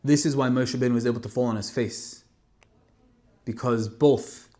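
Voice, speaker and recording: A man delivers a Torah talk as a dramatic story. His delivery swings between forceful emphasis and quiet, hushed passages. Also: mid-range voice, fairly even intonation, normal speed. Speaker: speaker giving a Torah talk. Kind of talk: emotional storytelling sermon.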